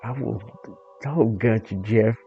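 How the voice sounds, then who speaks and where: A man doing a gruff, scheming male cat with a low, gravelly, threatening voice. The cat is stern and short-tempered. The sound is slightly dull and lo-fi. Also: slow pace. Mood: menacing.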